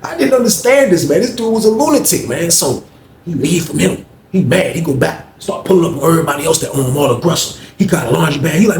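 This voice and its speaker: Slangy, animated male storyteller. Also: a little high, fast talker. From Norfolk, Virginia. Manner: slangy, animated, says "man" constantly. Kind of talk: casual storytelling. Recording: echoey room, faint noise.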